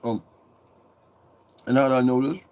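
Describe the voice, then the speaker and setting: A man's voice: medium pitch, steady tone, moderate pace, darkish tone. A man from Connecticut hosting a casual commentary monologue, profane and rambling, breaking into mocking impressions. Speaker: commentary channel host.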